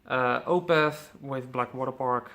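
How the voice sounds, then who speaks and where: A man's voice: mid-range voice, a little slow, sharp tone. A man casually presenting his metal CD collection, enthusiastic, swearing freely, with lots of ums.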